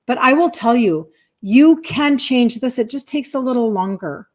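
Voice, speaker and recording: A woman's voice: a little high, lively intonation, moderate pace, a little mellow. A woman in her fifties, a health coach talking bluntly and emphatically to her audience on a live stream. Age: 50s.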